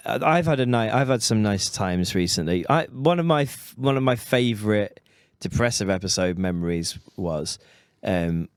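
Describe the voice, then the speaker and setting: A man's voice: fairly low pitch, clear, resonant tone, no echo, clean studio sound. A man co-hosting a podcast in casual chat, wry and self-mocking, swearing casually. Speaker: podcast co-host.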